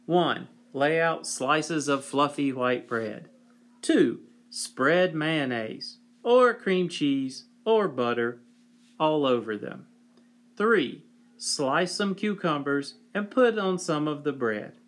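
Man, storyteller, fairly high voice, very slow, wry, children's story reading. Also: animated, fairly bright tone. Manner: slow, deliberate, wry delivery, clears throat.

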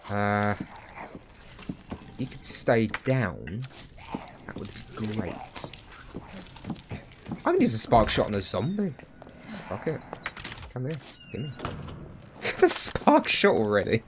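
A man's voice: lowish voice, noisy background. A man chatting casually over a game stream, swearing freely and talking to the characters on screen. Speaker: gaming streamer. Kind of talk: casual let's-play commentary.

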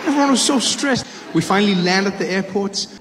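A male stand-up comedian from South Africa, telling an animated story and acting out its characters. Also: sits high, fairly quick. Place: large live venue. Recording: reverberant hall with crowd noise.

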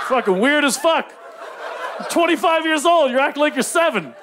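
A man's voice: extremely high pitch, big pitch swings, moderate pace, crowd noise, background noise. A young man, telling a brash, profane stand-up comedy story. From Canada.

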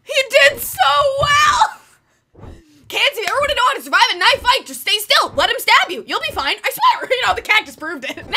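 Super high squeaky girl gamer yelling over a game, all over the place, jokey commentary. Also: moderate pace. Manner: excitable, shrieking reactions and jokey running gags. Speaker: gaming channel host. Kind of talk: let's play commentary.

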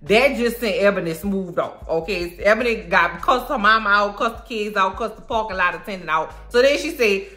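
Animated, bright-voiced woman giving a comedic recap. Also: medium pitch, normal speed, few pauses, faint music behind. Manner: animated and profane, acts out characters, frequent laughter. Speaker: movie reaction vlogger.

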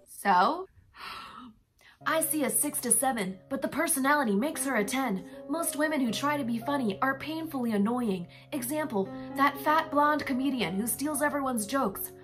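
A young woman reading comments aloud for comedy in a smooth, polite voice-assistant impression. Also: high voice, lively intonation, moderate pace, a bit bright, soft background music. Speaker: YouTube comedian.

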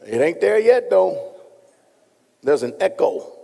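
Male pastor, slightly high, husky voice, joking with a large congregation, long hall reverb. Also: very animated, slow, mellow. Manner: folksy, joking, talks straight to the room. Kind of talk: sermon with casual asides to congregation. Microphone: stage microphone being adjusted.

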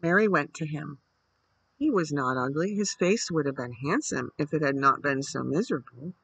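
A man reading a bedtime story aloud in a steady, measured way. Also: fairly high pitch, vocal fry, husky, no room sound, poor audio.

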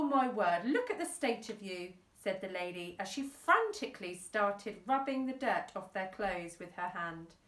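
A woman teacher from England reading a storybook aloud to her class, unhurried and expressive. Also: mid-range voice, reverberant, far from the mic.

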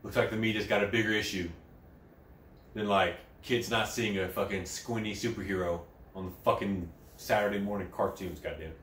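A man hosting a crude comedy news show while high, rambling and swearing, with sudden loud outbursts. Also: steady tone, moderate pace, slight background noise. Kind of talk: crude satirical news commentary. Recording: echoey room, mic at a distance.

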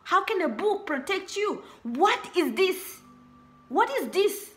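A woman's voice: very high voice, very animated, slow, fairly bright tone, soft background music. A young woman preaching a sermon, repeating her warnings and rhetorical questions with emphasis. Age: young adult.

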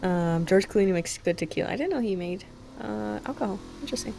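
A woman's voice: mid-range voice, lively intonation, a little fast, creaky, dark tone, a little hiss or hum. A woman co-hosting a game stream, joking around playfully in casual chat. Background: faint game music.

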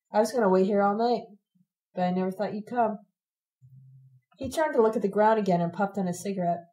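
Brief: woman audiobook reader, first-person letters, steady and plain, mellow tone. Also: mid-range voice, poor audio.

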